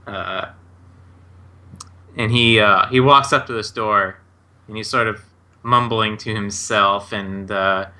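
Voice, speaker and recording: A man acting as game master, describing the scene for his players. He talks slowly and loosely, with plenty of fillers. His voice is bright and sharp. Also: lowish voice, fairly even intonation. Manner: casual, heavy with fillers and 'like'.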